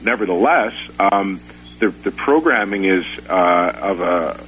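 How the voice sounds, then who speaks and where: A man hosting a radio talk show, speaking in a halting way with many fillers and restarts. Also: deep voice, lively intonation, fairly bright tone, a little hiss or hum, low-quality recording. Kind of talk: casual talk-radio conversation.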